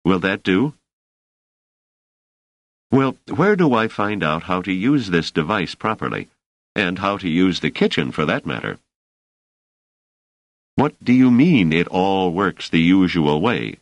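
A man's voice: low voice, sing-song, a little slow, long pauses, no room sound, dull audio, exaggerated voice. A man reading the part of a wary male scholar, dry and mildly exasperated, in an audiobook. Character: wary male scholar, a guest in a strange place.

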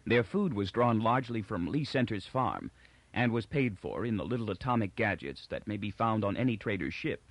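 A man narrating a novel in a measured, expressive voice with lots of pitch movement and a close, dry sound. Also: dry recording. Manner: measured storytelling. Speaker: audiobook narrator. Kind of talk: scripted narration.

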